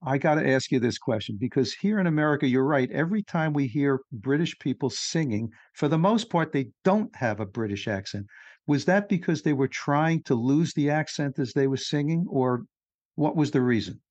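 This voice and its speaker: A male podcast host talks in a conversational way and leads his guest with questions. His voice is mid-pitched and sounds dry and close to the mic. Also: animated, moderate pace, darkish tone, no echo, muffled recording. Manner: conversational, asks leading questions. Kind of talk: interview.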